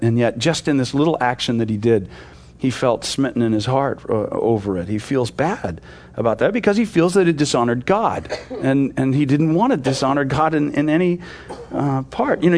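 A man teaching a sermon in a loose, conversational way, full of "you know" and restarts, growing animated as he retells a story. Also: medium pitch. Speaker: pastor.

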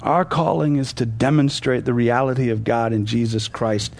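A man preaching a sermon, telling a story and swinging between forceful peaks and hushed, quiet passages. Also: medium pitch, fairly even intonation, normal speed, gravelly.

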